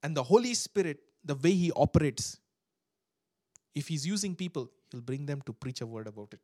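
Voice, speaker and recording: A man preaching a sermon to a live and online congregation, swinging between loud exhortation and hushed prayer, and acting out voices in his stories. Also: fairly high pitch, animated, moderate pace, no echo, clean studio sound. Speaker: pastor.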